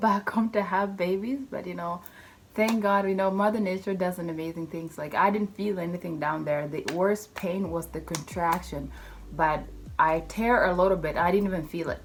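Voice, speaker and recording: A woman's voice: mid-range voice, slight background noise. A young woman telling a personal story in a casual vlog. She acts out the voices of the people in her story and speaks loosely worded English. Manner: English not fully fluent, loose grammar. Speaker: vlogger.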